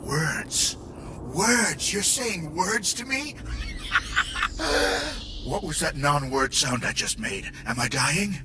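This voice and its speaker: An actor playing a dazed, wildly excitable disembodied brain who swings from whispers to shouts. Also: male voice, high voice, background noise, heavily acted. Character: giddy disembodied male brain, cosmic and dazed. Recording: game music playing behind.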